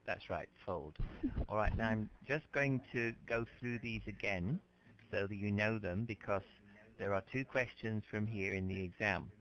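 A man teaching an English class, explaining words slowly and patiently to his students. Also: lowish voice, crowd noise. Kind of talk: classroom lecture. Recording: dull lo-fi lecture recording.

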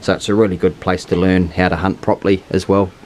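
A fast-talking man, a little low in pitch, guiding hunters through the bush in an easygoing, encouraging way. He is recorded outdoors with a faint hiss behind him. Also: little pitch movement, darkish tone. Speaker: hunting guide and channel host. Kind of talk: casual outdoor instruction and wrap-up chat. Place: outdoors on a hillside.

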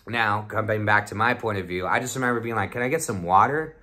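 Bright-voiced young man, swearing as he rambles. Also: on the low side, fast. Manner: profane, rambling, swears constantly; acts out the voices of friends in quotes. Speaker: vlogger telling a trip report. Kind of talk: casual storytelling.

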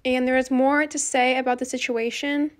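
High-voiced teen girl gaming vlogger. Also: little pitch movement, normal speed. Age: teens. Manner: earnest, rambling, repeats thanks. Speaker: gaming YouTuber. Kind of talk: casual gameplay voice-over.

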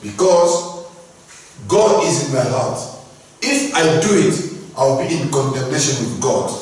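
A man's voice: medium pitch, animated, measured pace, darkish tone, lightly acted. A preacher voicing a steadfast young man, firm refusal. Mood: resolute. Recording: echoey hall from far off.

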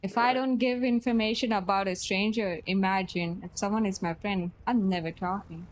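A woman's voice: medium pitch, steady tone, moderate pace, a little hiss or hum, rough recording. A woman roleplaying in a game, playful and evasive, joking and giggling as she dodges questions. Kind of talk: in-character game roleplay chat.

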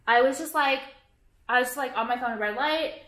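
A woman's voice: sits high, normal speed, fairly bright tone, roomy sound. Ranting, profane young woman vlogger. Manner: rambling, profane, irritated, lots of "like". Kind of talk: casual ranting vlog.

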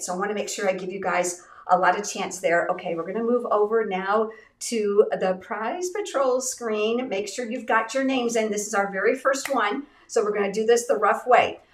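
A middle-aged woman from the United States hosting a craft livestream giveaway, upbeat and chatty, congested and a little raspy from illness. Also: mid-range voice, roomy sound, distant mic. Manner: upbeat, chatty, addresses viewers directly. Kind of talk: live-stream product giveaway chat.

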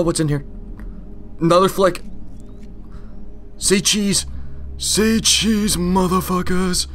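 A young man with a fairly high voice talks to himself through a horror game, nervous and easily startled. Faint music plays underneath his commentary. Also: a bit bright. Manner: jumpy, nervous, talks to himself while playing. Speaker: gaming channel host.

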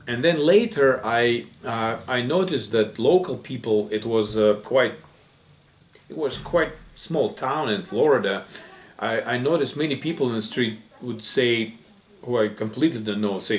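A man whose first language is Russian tells a story in a casual spoken English lesson, talking with many ums, pauses and restarts. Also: medium pitch, animated. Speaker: English teacher.

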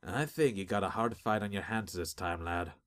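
A man voicing a gruff, blunt older male arena trainer with folksy speech. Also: sits low, moderate pace, lightly acted.

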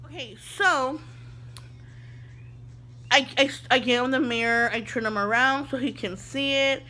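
Bright, high-pitched young woman telling a story. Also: unhurried. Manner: animated, expressive storytelling. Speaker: vlogger.

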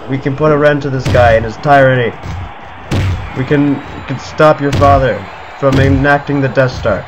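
Excitable man narrating a game. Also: medium pitch, background noise. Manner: excitable, panicky outbursts and cursing. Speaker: gaming video creator. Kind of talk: let's play commentary. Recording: slightly muffled audio with game music. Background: video game music.

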